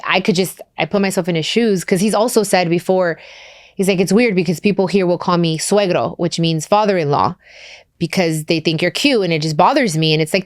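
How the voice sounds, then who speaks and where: A woman's voice: lowish voice, no echo, clean studio sound. A woman podcast host in her thirties telling a personal story candidly and emotionally, acting out the dialogue as she goes.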